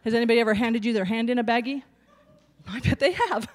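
A woman in her sixties doing stand-up, chatty and self-deprecating, with a slightly high voice. She talks straight to the crowd, wandering through her asides. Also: quick pace. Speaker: stand-up comic and nurse. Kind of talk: stand-up comedy.

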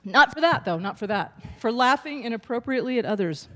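A woman's voice: a little high, lively intonation, brisk. Chatty woman in her sixties doing stand-up. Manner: chatty, self-deprecating, talks to the audience. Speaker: stand-up comic and nurse. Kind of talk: stand-up comedy.

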